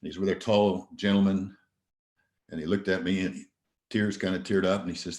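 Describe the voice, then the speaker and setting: A man with a very low voice giving an earnest motivational talk, mixing personal stories with rhetorical questions. His voice rings a little in an echoey room. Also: level tone, fairly quick, a little mellow. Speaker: motivational speaker. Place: virtual event presentation.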